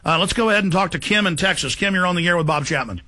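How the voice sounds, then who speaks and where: A male talk radio host with a bright, forceful voice. He speaks fast and emphatically, with constant indignation. His pitch sits a little above the usual for a man. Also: a little hiss or hum.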